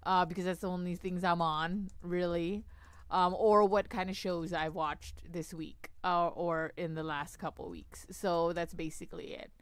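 A woman's voice: on the low side, fairly even intonation, a little slow, smooth, no echo. A woman co-hosting a casual podcast, rambling with lots of fillers and poking fun at herself. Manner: rambling, filler-heavy, self-deprecating. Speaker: podcast co-host. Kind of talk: casual chat.

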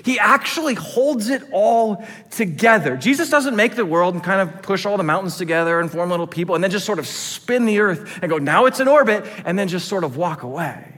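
High-voiced preacher in a reverberant hall. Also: male voice, fairly quick, few pauses. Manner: animated, swings from loud emphatic to hushed. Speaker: pastor. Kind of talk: sermon.

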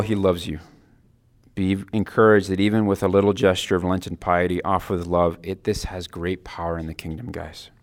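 Deep-voiced earnest man reflecting. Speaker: Christian speaker giving a Lenten reflection. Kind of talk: personal devotional talk.

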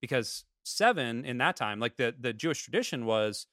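A man from Florida co-hosting a church podcast, telling stories in a lively casual way and acting out quoted lines. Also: medium pitch, normal speed, dry recording, clean studio sound. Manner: animated storyteller, acts out quotes. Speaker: podcast co-host. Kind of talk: casual chat.

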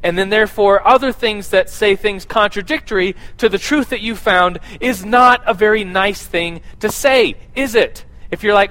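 A man's voice: sits high, moderate pace, hardly any pauses, fairly bright tone, low-quality recording. A man giving a casual, conversational sermon and church announcements, with a lot of fillers and restarts.

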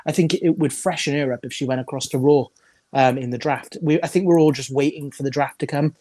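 A man's voice: a little high, steady tone, fairly quick, dark tone, no echo. A British man co-hosting a wrestling chat show, talking at length and playfully acting out wrestlers' lines. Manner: chatty, acts out wrestlers' lines. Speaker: podcast co-host.

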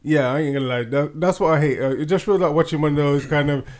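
A man's voice: a little high, fast talker, darkish tone. Laid-back slangy man on a podcast. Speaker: podcast co-host. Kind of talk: casual chat.

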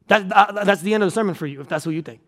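A man's voice: sits high, racing. A man preaching a sermon with energy to a congregation, repeating and stressing his points. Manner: energetic, repetitive preaching with restarts and emphatic repeats. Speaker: pastor. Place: church auditorium.

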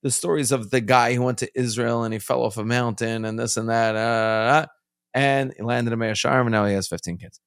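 A man co-hosting a podcast in a relaxed, chatty way who restarts his sentences while working toward a point. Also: mid-range voice, brisk, clear, resonant tone, no echo, studio quality. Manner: easygoing, hesitant restarts when making a point. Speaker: podcast co-host. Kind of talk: casual chat. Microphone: studio mic.

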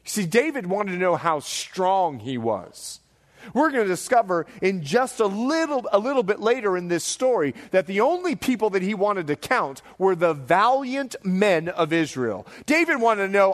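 A man in his forties, a pastor preaching a sermon to a congregation with animated storytelling, acting out the voices he quotes. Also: high-pitched, normal speed. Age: 40s. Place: church hall before a live congregation.

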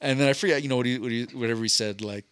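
A man's voice: medium pitch, racing, a bit bright, smooth, no room sound. A man co-hosting a podcast, telling a long, rambling story in casual chat with a swear here and there. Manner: rambling anecdotal storytelling with profanity. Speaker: podcast co-host.

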